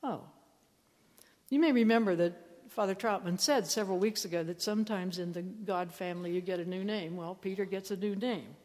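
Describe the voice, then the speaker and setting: Woman preacher, storytelling sermon, mid-pitched voice, long church reverb. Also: a little fast, darkish tone. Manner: storytelling, acts out quoted lines playfully.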